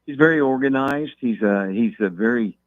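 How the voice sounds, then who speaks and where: A man calling in as a guest, talking football in a measured way and repeating words as he thinks. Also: mid-range voice, dry recording. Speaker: guest talking local high school football. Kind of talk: phone-in interview. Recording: tinny phone line.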